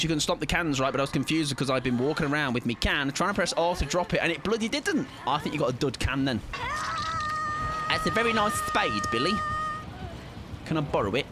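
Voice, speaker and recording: A man streaming a game, chatting playfully and excitably with teammates. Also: a little high, noisy background. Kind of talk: casual gaming chat.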